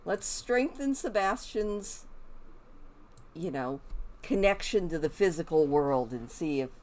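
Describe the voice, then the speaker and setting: A woman's voice: fairly low pitch, expressive, takes it slowly, a little mellow. A woman streaming a life-sim game, chatting as she plays and talking to her characters. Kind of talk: live gameplay commentary.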